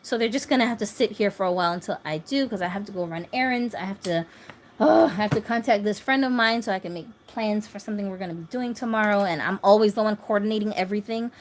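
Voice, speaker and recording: A woman's voice: mid-range voice, fast, a little hiss or hum. A woman in her thirties hosting a doll channel, chatting casually on a phone livestream, laughing often and reading viewer comments aloud. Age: 30s.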